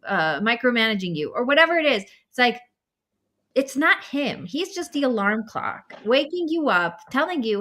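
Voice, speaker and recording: A woman hosting a podcast and coaching, chatting in an animated way and acting out the people in her stories. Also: a little high, moderate pace. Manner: animated, acts out quoted voices in stories. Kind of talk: conversational podcast chat.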